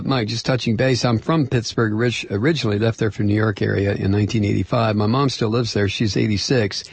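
A man's voice: mid-range voice, creaky, slightly rough. A middle-aged man hosting political talk radio, ranting in a combative and sarcastic way into a close studio microphone.

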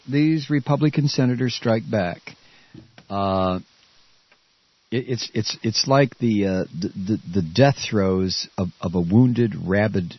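A man's voice: fairly low pitch, slightly rough, no echo, highs cut off. A man hosting a radio talk show, ranting furiously with stammers and profanity. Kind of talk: angry political rant.

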